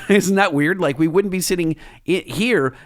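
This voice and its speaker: A man's voice: high voice, a little slow, no room sound. A man hosting a podcast in a conference room, bantering playfully with a dry, sarcastic streak. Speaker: podcast host. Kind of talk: casual podcast chat.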